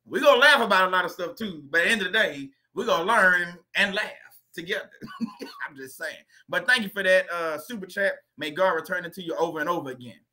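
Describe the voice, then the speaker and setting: A man's voice: high voice, fast, pushed and bright. A man hosting a livestream, rambling in a joking way, laughing often and going off on chatty tangents. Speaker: livestream host.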